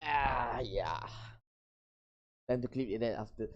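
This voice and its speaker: A young adult VTuber streamer from Malaysia, chatting casually and getting flustered, often breaking into high laughter. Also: slow pace, lo-fi sound. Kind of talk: casual live-stream chat.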